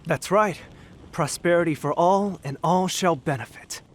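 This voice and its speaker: A man's voice: a little high, a little slow, a little hiss or hum, close to an everyday voice. An actor voicing an earnest, idealistic male inventor in a video game, speaking formally. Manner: earnest, formal, stammers when flustered. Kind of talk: game voice acting.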